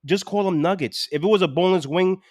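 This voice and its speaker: A man's voice: high-pitched, fast talker, a little mellow, dry recording, clean studio sound. A man with a New York accent co-hosting a casual sports podcast, griping bluntly and repeating his points. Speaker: podcast co-host.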